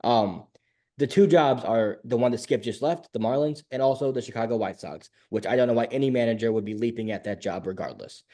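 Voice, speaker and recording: A man co-hosting a sports talk podcast, rattling off quick, firm opinions in casual chat. His pitch sits in a middle range, and he keeps up a brisk pace. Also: mellow. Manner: fast, opinionated, jumps into high mocking voices. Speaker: podcast co-host.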